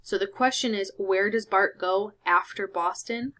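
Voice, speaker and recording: A woman walks learners through a Spanish worksheet, patient and careful as she explains each step. She talks at an unhurried, slow pace. Her voice has a bright, clear edge. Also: medium pitch. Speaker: Spanish teacher. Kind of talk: screen-recorded lesson walkthrough.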